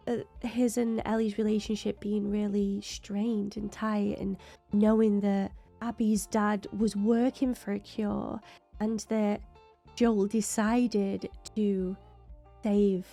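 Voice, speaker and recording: A woman's voice: medium pitch, level tone, takes it slowly, gravelly, warm tone, faint music behind. A woman hosting a TV reaction video, talking through her thoughts in long rambling runs while losing her voice. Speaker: reaction channel host. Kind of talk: TV reaction commentary.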